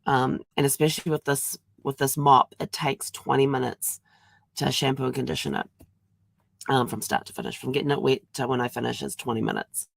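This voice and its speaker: Low gravelly-voiced sick woman vlogging. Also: brisk, no room sound. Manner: chatty and rambling, laughs at herself. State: ill, sore throat and congestion; talking around a throat lozenge. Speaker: vlog host. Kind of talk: casual daily video diary.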